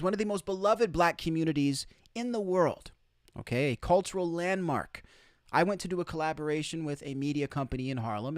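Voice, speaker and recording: A man delivers an opinion commentary monologue, emphatic and incredulous, hammering points by repeating them. His pitch rises and falls with lively swings. The sound is close and dry. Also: no echo. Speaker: commentary host.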